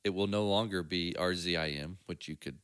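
Brisk and low-pitched, this male co-host of a laid-back faith podcast spins stories with a slightly bright, clean tone. Easy laughter and trailing fillers run through his chat. It's a dry, clean studio recording.

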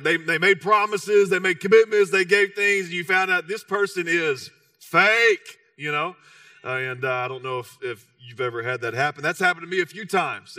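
A Texan pastor in his thirties delivers his sermon as a casual, self-mocking story peppered with "you know," in a Texan accent. His voice is fairly high, pushed and bright, captured with studio quality and no echo, though he stands far from the mic.

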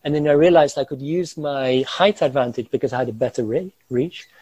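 Recalling a harrowing episode from his own life, a guest tells the story vividly in the first person with a mellow, slightly husky, medium-pitched voice. He is animated, gestures while speaking, and lets out quick chuckles during tense parts. The audio is dull, dry, and close-miked, without echo or room sound.

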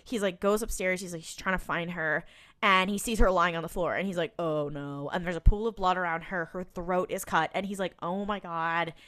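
A woman's voice: on the low side, fairly even intonation, brisk, a bit bright. A woman co-hosting a podcast, chatting casually as she retells scenes with quoted lines and the odd swear. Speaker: podcast co-host. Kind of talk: casual recap chat.

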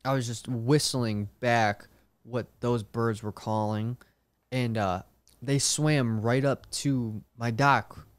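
A young man in casual chat, relaxed, filling his talk with "like" and "uh". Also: mid-range voice, takes it slowly, clear, resonant tone, dry recording. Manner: relaxed, fills with "like" and "uh".

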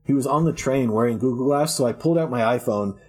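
A man with a slightly husky voice at an ordinary pitch, co-hosting a podcast. He rambles and swears casually, telling stories in a loose, joking way. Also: fast, darkish tone, faint music behind. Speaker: podcast co-host. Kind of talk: casual profane chat.

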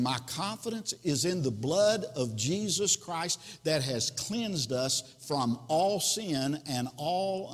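Slow-preaching pastor in a reverberant hall. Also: male voice, a little high. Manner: teaching from scripture, reading verses aloud. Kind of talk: sermon.

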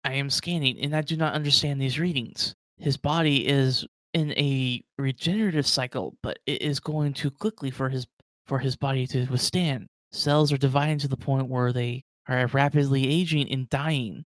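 Polite robot companion, formal, calm, a man doing it, mid-range voice, dry recording. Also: mid-range voice, moderate pace, dry recording, close to an everyday voice. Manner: stiff formal speech.

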